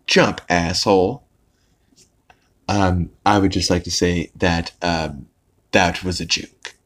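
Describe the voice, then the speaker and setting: A man's voice: low voice, slow pace, a bit bright, slight background noise. Rambling man recapping a cartoon episode. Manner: rambling, full of "like" fillers, swearing. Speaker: podcast host.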